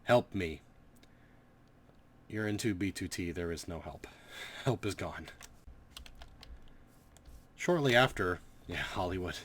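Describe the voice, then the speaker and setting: A man's voice: low voice, animated, slow pace, long pauses, a bit bright, a little hiss or hum. A man giving casual, rambling gameplay commentary, sarcastic and swearing freely. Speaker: gaming commentator.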